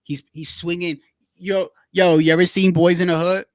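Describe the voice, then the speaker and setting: High-pitched guy on a livestream, slangy and rambly, dry close sound. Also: normal speed, dry recording. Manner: slangy, rambling, keeps saying "bro"; animated storytelling, repeats himself. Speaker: livestream host. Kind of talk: casual livestream boxing chat.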